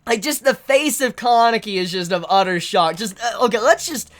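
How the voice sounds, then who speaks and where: A woman reviewing a manga chapter in a casual vlog, excitable and exasperated, swearing freely. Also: mid-range voice, normal speed.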